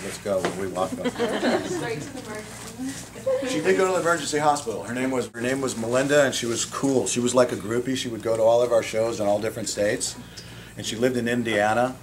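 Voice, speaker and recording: A man's voice: medium pitch, brisk, crowd noise. A man who teaches cosmetology, telling funny work stories to a live audience and laughing as he talks. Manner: animated, joking, laughs while telling stories. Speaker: cosmetology educator.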